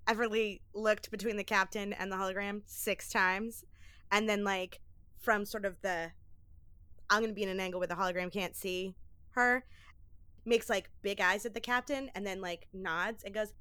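A woman player in a tabletop game who narrates what her character does in a lively way, full of fillers. Her voice is bright and clear, and the recording is dry. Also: mid-range voice, moderate pace, dry recording. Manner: animated, filler-heavy describing.

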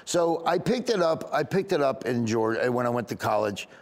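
A middle-aged man with a Southern US accent, a comedian telling stories in a casual interview, rambling and animated. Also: mid-range voice, a little fast. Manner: rambling, animated, acts out other voices. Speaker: comedian guest.

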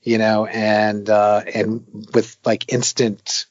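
A man's voice: lowish voice, slow pace, no echo, dull audio. A man who designs arcade games, talking casually and at length in an interview, with many fillers and restarts. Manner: rambling, many fillers and restarts, animated when retelling stories. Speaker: arcade game designer, guest.

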